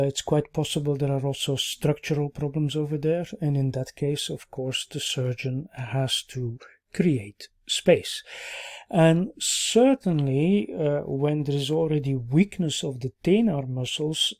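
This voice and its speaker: A man teaching a recorded clinical course, explaining at an even pace with many "uh" pauses and checking "yeah?" tags. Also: medium pitch. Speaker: orthopaedic medicine instructor.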